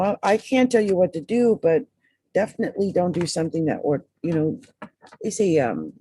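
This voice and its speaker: A woman's voice: fairly low pitch, dark tone, slightly rough. A woman giving a casual tarot reading, chatty and emphatic, often repeating the sign's name, her voice dry. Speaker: tarot reader and astrologer.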